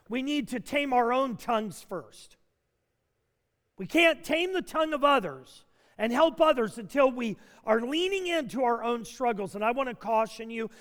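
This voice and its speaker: High-voiced preaching pastor in a reverberant hall. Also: male voice. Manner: earnest preaching, rising to shouts for emphasis. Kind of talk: sermon.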